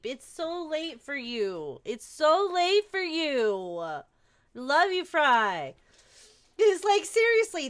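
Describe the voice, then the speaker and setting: Bubbly high-voiced woman streamer. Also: fairly bright tone, clear, resonant tone. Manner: bubbly, giggly, affectionate with chat. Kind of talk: live game stream chat.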